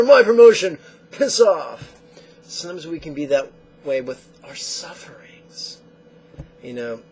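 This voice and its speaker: A man teaching meditation, who tells lively stories and acts out the quotes. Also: mid-range voice, a little hiss or hum. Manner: animated storyteller acting out quotes. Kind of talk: spoken meditation lesson.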